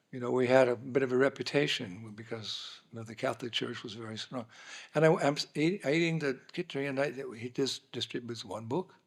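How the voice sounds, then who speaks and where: Gravelly-voiced man telling a lively story. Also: mid-range voice. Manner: lively storyteller, acts out dialogue. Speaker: guest speaker, monk. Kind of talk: anecdotal storytelling talk. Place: dinner hall, indoors.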